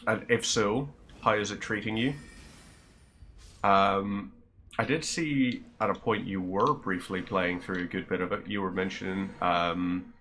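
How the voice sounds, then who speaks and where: A man's voice: sits low, fairly even intonation, measured pace, sharp tone. A man with a Northern Irish accent chatting casually to his viewers while streaming a game, rambling and friendly. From Northern Ireland.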